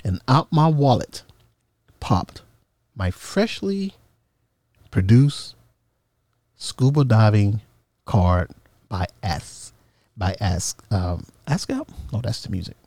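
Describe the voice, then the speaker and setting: A man tells a funny story from his own life in a casual, lively way, his voice leaping around in pitch. His tone is mellow and dark. The room is dry, with no echo. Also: slow, long pauses. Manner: animated, humorous, acts out quoted voices.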